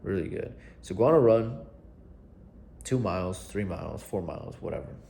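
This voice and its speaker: A man's voice: sits low, animated, normal speed, gravelly, warm tone. Earnest swearing man giving coaching advice. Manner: earnest, swears casually, repeats for emphasis. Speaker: self-help coach. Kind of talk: casual advice vlog.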